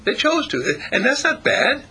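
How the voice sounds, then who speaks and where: A man's voice: extremely high pitch, very animated, a little slow, sharp tone, breathy edge. A man giving an informal spiritual talk to a small group, asking his listeners questions and chuckling often. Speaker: spiritual teacher.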